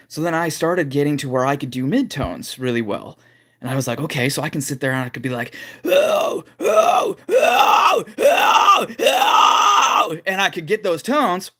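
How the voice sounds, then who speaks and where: A man at home giving a casual livestream vocal lesson, talking in loose, rambling sentences full of fillers. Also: on the high side. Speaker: vocal coach streaming live.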